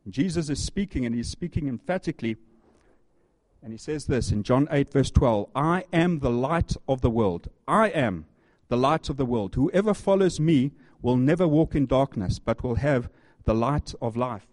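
A male pastor delivers a sermon with a mellow, dark tone. He reads scripture aloud, repeats phrases and asks the congregation questions with earnest emphasis. The sound is dry and close. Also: medium pitch, no echo.

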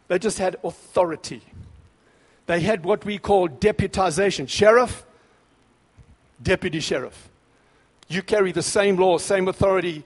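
A man preaching a sermon with fervent, emphatic bursts, then dropping into quieter scripture reading. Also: high voice, moderate pace, pauses often, slightly rough. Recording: long reverb of a large hall.

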